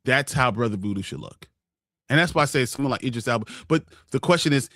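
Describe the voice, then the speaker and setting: A man co-hosting a casual pop-culture podcast, speaking haltingly and repeating words as he thinks. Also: medium pitch, expressive, fairly bright tone, no echo, clean studio sound. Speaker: podcast co-host.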